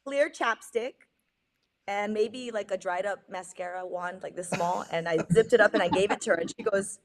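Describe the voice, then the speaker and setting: Brief: middle-aged woman from Hawaii, animated storyteller on a video call, laughs easily. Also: mid-range voice, moderate pace. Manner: animated, acts out voices in her stories, laughs often. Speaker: guest. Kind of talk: casual storytelling.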